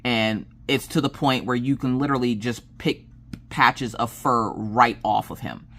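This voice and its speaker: A woman chatting casually on her craft channel, telling animated stories and laughing as she goes. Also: unhurried. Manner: animated, acts out quoted dialogue with big pitch jumps. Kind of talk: casual chat storytelling.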